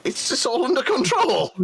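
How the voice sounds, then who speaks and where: A man's voice: fairly high pitch, very animated, moderate pace, a bit bright, a little hiss or hum. A man playing in a tabletop game, chatting and joking in a mock-reassuring way. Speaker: player. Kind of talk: casual chat.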